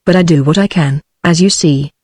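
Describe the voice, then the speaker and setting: A woman's voice: low voice, husky, no room sound, studio quality. A wistful, coquettish young girl, read by a British woman's synthetic voice. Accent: British English. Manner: even, measured synthetic delivery.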